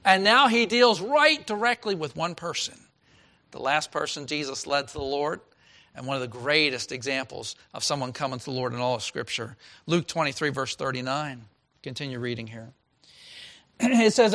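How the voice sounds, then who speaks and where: A man preaching a sermon as a pastor, reading scripture and swinging from loud exclaiming to hushed tones. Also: a little high, lively intonation, moderate pace, creaky.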